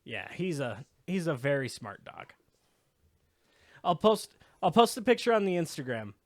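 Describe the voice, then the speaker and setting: A man's voice: fairly high pitch, very animated, moderate pace, dry recording. A man co-hosting a podcast, telling rambling stories in casual chat with frequent swearing. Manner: rambling, profane storytelling. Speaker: podcast co-host.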